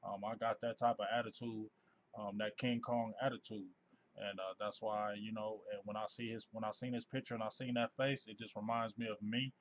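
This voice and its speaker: Animated man hosting a fan livestream. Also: lowish voice, brisk, slight background noise. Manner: animated, effusive, reads out viewer names. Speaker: host of a sports fan live show. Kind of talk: casual livestream chat.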